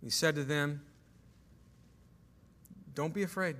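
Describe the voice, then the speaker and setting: A male pastor delivers an emphatic sermon in a fairly high, bright, forceful voice. He puts rhetorical questions to his congregation, and his words ring out with a long reverb in a large church hall. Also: slow pace. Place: church sanctuary.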